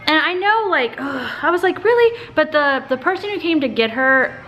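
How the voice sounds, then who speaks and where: Young female vlogger, bright high voice, talks casually to camera and rambles, says "like" often; keep it loose and chatty. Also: lively intonation, moderate pace, faint music behind. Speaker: family vlogger.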